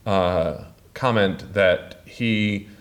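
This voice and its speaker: A man giving a public talk as an author, speaking haltingly with many filler sounds. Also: deep voice. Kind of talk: public lecture.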